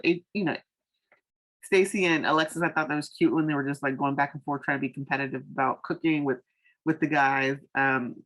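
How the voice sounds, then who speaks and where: Deep-voiced and a bit bright, a woman recaps a reality dating show on a rough recording. This TV recap vlogger keeps it chatty and loose, opinionated and candid, with lots of "um" and "like" sprinkled throughout.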